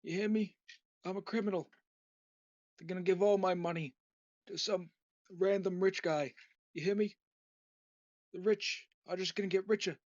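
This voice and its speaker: A man voicing an aging, menacing mafia boss in a gruff mock-gangster drawl, recorded on a dull lo-fi setup. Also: sits high, a little mellow, dry recording. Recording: dull lo-fi dry home recording.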